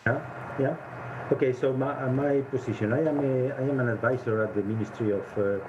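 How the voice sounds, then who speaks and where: A man whose first language is Spanish, an advisor on a video call, speaking haltingly and searching for words. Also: mid-range voice, fairly even intonation, background noise. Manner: hesitant, searching for words with many fillers. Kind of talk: online panel discussion. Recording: muffled video call line.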